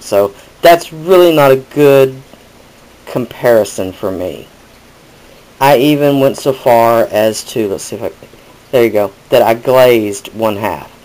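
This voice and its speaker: A man's voice: mid-range voice, a little mellow, poor audio. Chatty man demonstrating crafts. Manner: chatty, rambling with self-corrections. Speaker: crafting tutorial host. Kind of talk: casual demonstration.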